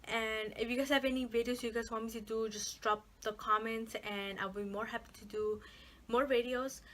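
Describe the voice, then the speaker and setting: A woman's voice: a little high, steady tone, moderate pace, a bit bright. A young woman talking casually to camera as a vlogger, rambling with lots of fillers and the odd swear word.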